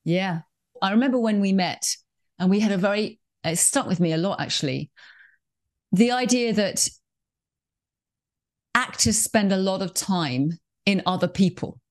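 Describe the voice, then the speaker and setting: A woman's voice: medium pitch, lively intonation, a little slow, pauses often. Thoughtful woman podcast host. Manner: thoughtful, probing questions. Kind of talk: podcast interview.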